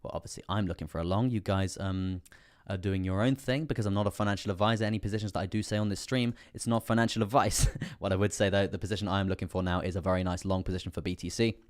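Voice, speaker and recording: A man's voice: sits low, steady tone, fast talker, darkish tone. British man rambling through live chart analysis. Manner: rambling, repeats fillers and "coming through there". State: slightly strained voice. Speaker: crypto livestream host.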